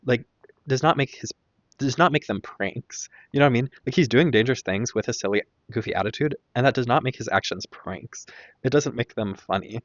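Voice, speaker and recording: A man's voice: mid-range voice, brisk, no echo, lo-fi sound. A man hosting a casual podcast, rambling and opinionated with lots of fillers and tangents. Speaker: podcast host. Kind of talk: casual stream-of-consciousness commentary.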